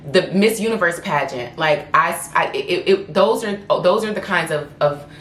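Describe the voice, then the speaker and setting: A lifestyle blogger and influencer tells a candid, emotional personal story in a vlog, in a lowish, fairly bright voice at normal speed. She often restarts her sentences, and the room is echoey with faint ambience.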